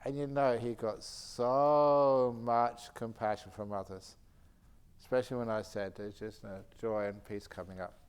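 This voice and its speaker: Male Buddhist teacher, retreat Q&A, chatty anecdotal delivery, average pitch. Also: measured pace, clear, resonant tone. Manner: animated anecdotal storytelling with frequent laughter. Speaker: Buddhist monk and meditation teacher. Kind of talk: retreat question-and-answer talk. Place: meditation retreat centre hall.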